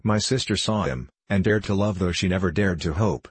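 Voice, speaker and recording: A man's voice: deep voice, a little fast, slightly rough, no room sound. Man reading as an anguished young novice. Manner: impassioned, faltering pleading.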